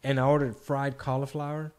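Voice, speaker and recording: A man's voice: medium pitch, little pitch movement, a little fast. A man, joking and swearing freely as host of a casual podcast chat. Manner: profane, joking banter.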